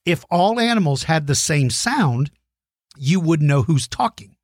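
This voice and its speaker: Middle-aged male kids' show host, enthusiastic and encouraging, slightly high, dry close mic. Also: sing-song, a little slow, no echo. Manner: enthusiastic, encouraging, explains simply. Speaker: host answering kids' dinosaur questions. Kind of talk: friendly kids' show chat.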